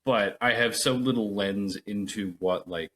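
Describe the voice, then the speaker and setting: A man with a lowish voice chatting loosely on a podcast. He rambles through fillers and profanity and plays out little reactions as he tells things. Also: unhurried, fairly bright tone. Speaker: podcast co-host. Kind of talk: casual chat.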